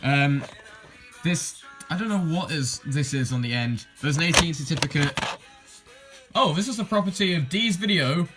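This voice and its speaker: With a fairly high-pitched voice at an ordinary speed, a young man from England casually presents his tape collection. His show-and-tell meanders, with self-corrections and dry humor, while music plays.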